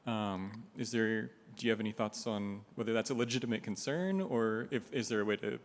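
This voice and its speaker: A man's voice: lowish voice, a little fast. A man in the audience asking a hesitant, hedging question. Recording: reverb of a large hall.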